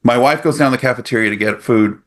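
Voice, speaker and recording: A man's voice: medium pitch, fast. A man in his forties co-hosting a podcast, telling a story animatedly in casual chat. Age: 40s. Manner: animated storyteller acting out others' lines. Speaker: podcast co-host. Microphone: podcast microphone.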